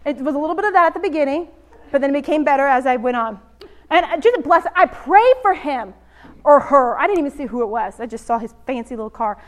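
A woman giving conversational Bible teaching, animated and expressive, speaking straight to her listeners. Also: sits high, quick pace.

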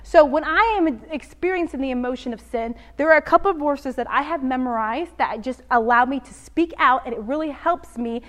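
A woman with a high voice teaches from the Bible in a relaxed, conversational way. She is animated and expressive and speaks straight to her listeners. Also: fairly quick, few pauses.

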